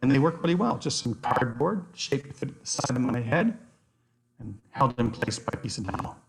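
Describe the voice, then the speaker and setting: A man presenting an online workshop on nature activities, enthusiastic and given to animated storytelling. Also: medium pitch, moderate pace, creaky, crowd noise. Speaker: outdoor educator, workshop presenter.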